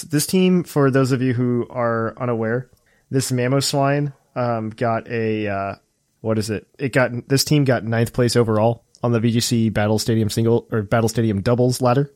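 A man hosting a casual gaming podcast, relaxed and chuckling often. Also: medium pitch, brisk, no room sound, clean studio sound. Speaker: podcast host.

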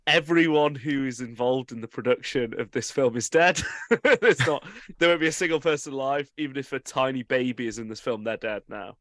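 A man's voice: medium pitch, a little fast, a bit bright, no room sound. A young man chatting with friends on a podcast, laughing often and working out numbers aloud. The recording is dry and close, with no room sound. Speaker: podcast co-host. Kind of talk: casual chat.

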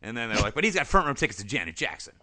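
A man's voice: mid-range voice, big pitch swings, very fast, sharp tone, no room sound. A man casually recapping a TV episode for a podcast, acting out characters' lines and laughing often. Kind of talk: casual comedic recap chat.

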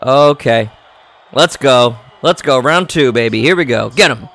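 A podcast host giving live, jokey reaction commentary while watching a film, often exclaiming and gasping. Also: male voice, mid-range voice, a little slow, gravelly, a bit bright. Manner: jokey asides.

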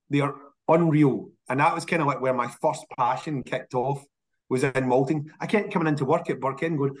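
Chatty Scottish man. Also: mid-range voice. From Scotland. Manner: animated, repeats words when restarting. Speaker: whisky industry guest. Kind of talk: casual interview storytelling.

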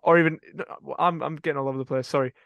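A man's voice: a little high, fairly even intonation, fast, a bit bright, clean tone, no echo, clean studio sound. A man co-hosting a casual football podcast, reading out transfer rumours and correcting his own slips. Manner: rambling, self-correcting, laughing at own slips.

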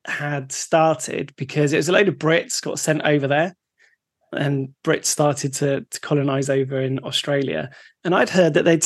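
A man from Britain co-hosting a podcast, telling things in a relaxed way and laughing often. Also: a little high, dry recording, clean studio sound. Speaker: podcast co-host. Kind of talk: casual chat.

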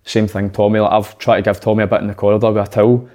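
A Scottish former footballer rambling through a story, calling everyone mate. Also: male voice, fairly low pitch, level tone, rapid-fire, darkish tone. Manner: rambling, says mate a lot. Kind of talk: casual chat.

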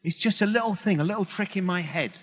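A man's voice: high voice, fast talker, a bit bright, big-room sound. A male English comedian talking to a live audience on stage, rambling and self-deprecating with many restarts. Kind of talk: stand-up style talk to a live audience.

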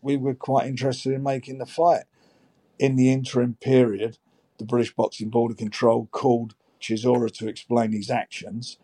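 A man with an even, monotone delivery and a mellow, dark tone, telling a documentary interview what happened. His recounting is plain and matter-of-fact. The sound is dry and close. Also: mid-range voice, moderate pace, breathy edge, dry recording. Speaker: boxing promoter.

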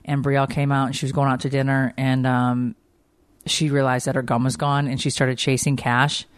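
A woman who is a parent, chatting casually with viewers and telling an animated family story. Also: rumbling low, normal speed, no room sound. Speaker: parent vlogger. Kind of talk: casual chat.

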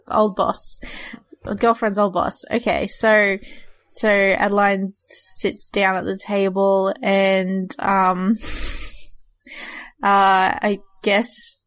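A woman's voice: mid-range voice, a bit bright, no echo. A woman playing in a tabletop role-playing game, chatting casually, hesitant and often laughing. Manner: giggly, hesitant, lots of fillers. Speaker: player.

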